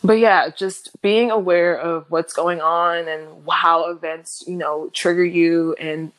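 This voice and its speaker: A young woman is speaking candidly as a guest in an interview; her delivery halts with many fillers and restarts, but it livens up when she quotes others. Her pitch is fairly low, and the audio is poor.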